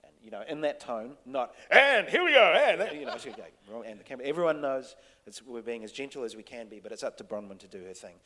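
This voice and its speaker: A New man tells a story at a panel, halting and full of fillers. His voice sits at an ordinary middle pitch. A long reverb from the hall trails after every phrase. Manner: halting, many restarts and fillers, soft-spoken. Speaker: TV director on a panel. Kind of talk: casual anecdote to an audience.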